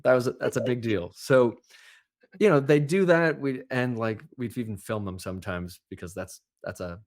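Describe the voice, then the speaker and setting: A man who coaches accents, chatting as a podcast guest and telling lively, animated stories. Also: mid-range voice, moderate pace. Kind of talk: casual podcast chat.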